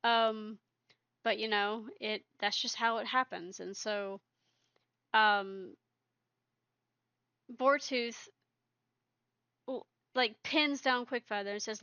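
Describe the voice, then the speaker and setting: A woman's voice: on the high side, steady tone, slow pace, pauses often, bright, forceful tone, smooth, no room sound. Rambling woman narrating a game story. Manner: rambling, filler-heavy. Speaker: video creator.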